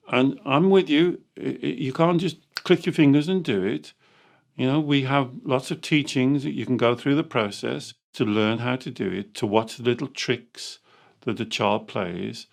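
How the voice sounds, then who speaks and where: A man who hosts a coaching podcast, explaining ideas and acting out quoted inner voices in lively asides. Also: medium pitch, vocal fry. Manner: animated, acts out inner voices. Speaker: life coach and podcast host. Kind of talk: conversational coaching talk.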